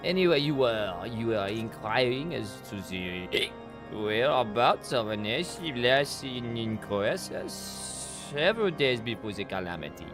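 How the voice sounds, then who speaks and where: A man's voice: mid-range voice, big pitch swings, a little slow. A tipsy Frenchman with a thick put-on French accent, rambling and stumbling over his words, his voice swooping up and down, as a man acts him out. Faint music plays behind.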